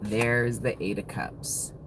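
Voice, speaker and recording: A woman's voice: extremely low pitch, fairly even intonation, takes it slowly, background noise. Laughing, profane woman tarot reader. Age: 30s. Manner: profane, laughing, emotional and playful. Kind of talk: casual live-stream tarot reading.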